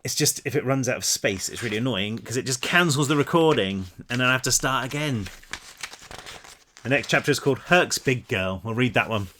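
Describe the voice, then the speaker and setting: An author reading his own novel aloud in an animated way, adding casual self-mocking asides. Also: mid-range voice, a little fast, a little hiss or hum.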